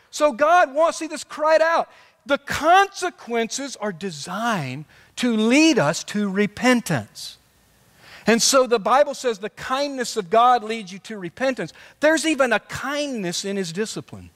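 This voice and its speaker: High-voiced preaching man in a reverberant church. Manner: passionate preaching, dropping soft then rising to shouts. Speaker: pastor. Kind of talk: sermon. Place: church sanctuary.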